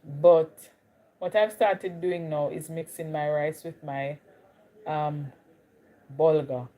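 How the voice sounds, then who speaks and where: A woman's voice: sits low, steady tone, slow, dark tone. A woman from Jamaica with a Jamaican accent, chatting casually on a livestream and greeting viewers by name. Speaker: livestream host. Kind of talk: casual live chat with viewers.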